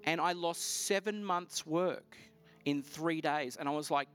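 A man preaching a sermon, telling a personal story in a lively, storytelling way, his voice rising sharply at the exciting moments. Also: on the high side, measured pace, faint music behind. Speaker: pastor.

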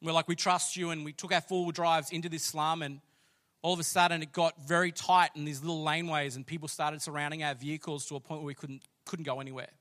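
A man's voice: fairly high pitch, flat delivery, fast talker. A man, preaching a sermon and telling a story with rising passion. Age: late 30s. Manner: storytelling, builds to loud passionate declaring. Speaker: pastor.

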